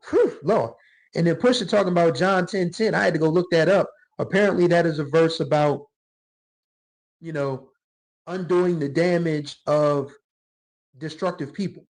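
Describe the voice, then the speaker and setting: A middle-aged man with a scratchy throat hosting his own music channel, talking casually and reflectively about songs, now and then letting out a drawn-out "whew.". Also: on the high side. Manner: reflective, gets emotional, drawls exclamations like "whew". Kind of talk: casual solo music commentary.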